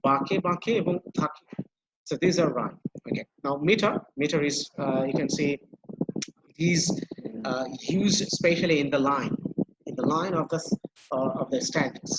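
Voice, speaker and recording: A man's voice: on the high side, fast, a little hiss or hum, poor audio. A man with a Bangladeshi accent gives an online university lecture in English and Bengali. He repeats his points patiently and keeps asking the class questions.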